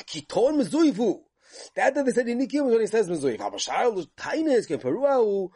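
Animated man giving a lecture. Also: high voice, slightly rough. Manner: animated sing-song learning chant, quick asides, rhetorical questions. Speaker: Talmud teacher. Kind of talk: yeshiva-style Talmud lecture.

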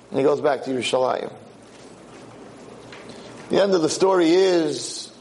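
A man giving a religious lecture, telling a story in an animated way and acting out the characters' words. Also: fairly high pitch, rough recording. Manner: animated storyteller, acts out quotes. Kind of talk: sermon storytelling.

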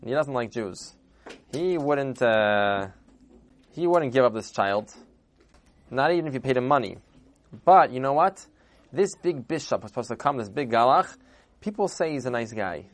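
A man's voice: mid-range voice, expressive, moderate pace, long pauses, lightly acted. A man doing a confiding innkeeper. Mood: advising. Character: helpful, worldly male innkeeper.

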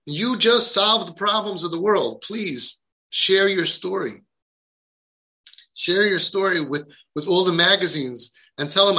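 A man's voice: high-pitched, unhurried, bright, forceful tone. A man coaching parents in an impassioned podcast talk, emphatic and repeating words for stress.

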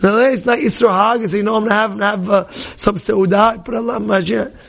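A male rabbi teaches with energy, circling back to repeat his points and slipping into voices for the characters he describes. His voice is high for a man, with a gravelly, husky grain. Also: brisk. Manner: animated, repeats phrases, acts out quoted people. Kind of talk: lively Torah class to a small group.

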